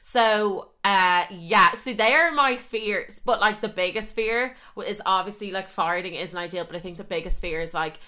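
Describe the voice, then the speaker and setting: A young woman tells a story on her own podcast, with a bright, forward tone in a middle register. Her talk is loose and chatty, full of fillers, and she swears freely as she goes. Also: medium pitch, normal speed, hardly any pauses. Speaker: podcast host. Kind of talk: casual storytelling monologue.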